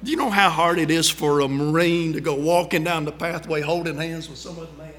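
A middle-aged man with a drawl preaches in a folksy, conversational way, spinning stories from the pulpit. His voice is bright and forceful, sitting a little high for a man. It rings out with a long hall reverb. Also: a little fast. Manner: folksy, conversational, animated storytelling. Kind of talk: storytelling sermon.

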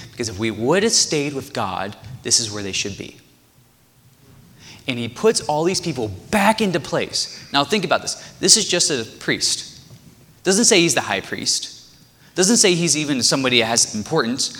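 A man preaching a sermon, animated as he retells a story and acts out the quotes. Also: medium pitch, in a large hall.

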